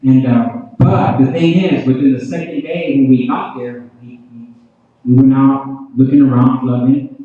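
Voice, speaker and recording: A man's voice: mid-range voice, steady tone, unhurried, soft background music. A man preaching his testimony at a revival service. He keeps addressing the crowd and asking "you know what I mean?". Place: large church hall. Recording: tinny, very echoey hall from far off.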